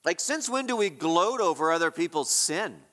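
A man's voice: fairly high pitch, sing-song, moderate pace, pushed and bright, long reverb tail. A man preaching an expository sermon, emphatic and rhetorical, asking questions and repeating key phrases.

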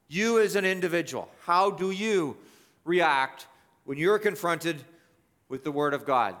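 A man's voice: high-pitched, fairly bright tone. Emphatic man preaching a sermon. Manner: emphatic, repeats key phrases, slows on stressed words. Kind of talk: expository sermon.

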